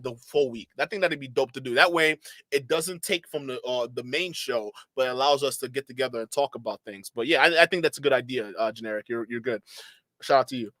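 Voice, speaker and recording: A man streaming a casual reaction commentary, talking back to clips with sarcastic, animated asides. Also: on the high side, dry recording.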